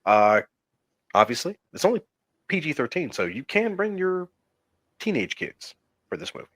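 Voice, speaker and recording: A man's voice: fairly high pitch, sing-song, moderate pace, fairly bright tone. A man co-hosting a casual film podcast, reading out ratings and facts with wry reactions. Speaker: podcast co-host. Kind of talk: casual chat.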